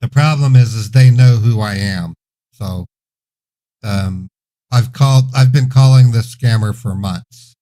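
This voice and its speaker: A man scam-baiting on a call, playing a slow, hesitant, confused caller. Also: on the low side, warm tone, poor audio. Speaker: scam baiter host.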